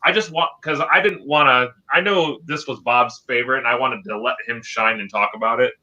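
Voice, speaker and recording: A man co-hosting a casual movie podcast, talking in a halting way with many restarts. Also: mid-range voice, bright, forceful tone. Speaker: podcast co-host. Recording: dull lo-fi sound.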